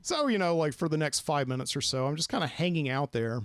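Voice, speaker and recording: A man's voice: fairly high pitch, expressive, quick pace, dry recording, studio quality. A man hosting a podcast, telling a late-night story in a rambling, self-deprecating way and acting out the people he quotes. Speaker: podcast host. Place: studio.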